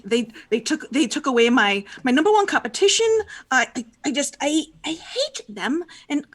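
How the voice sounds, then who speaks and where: A woman's voice: sits high, big pitch swings, moderate pace, pitched above the performer's own voice. A woman voicing a tall female orc mortician who has just become a ghost, ranting in exasperation and tripping over her own words. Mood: indignant. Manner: rambling, exasperated ranting with stammered restarts.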